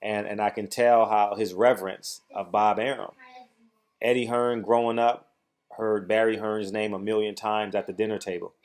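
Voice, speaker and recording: A man's voice: fairly low pitch, fairly even intonation, normal speed. A man hosting a heated boxing commentary vlog, speaking in an agitated, emphatic way and repeating phrases for stress. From United States. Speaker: boxing commentator, channel host.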